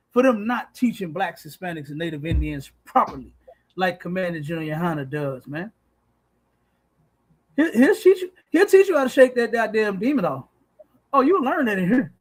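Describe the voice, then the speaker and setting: A man hosting a podcast, preaching emphatically with profanity and repeated "you understand?". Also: high voice. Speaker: podcast host.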